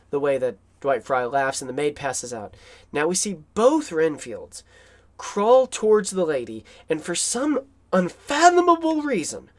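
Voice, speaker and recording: A film commentator talking casually and enthusiastically, rambling with many fillers and restarts. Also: medium pitch.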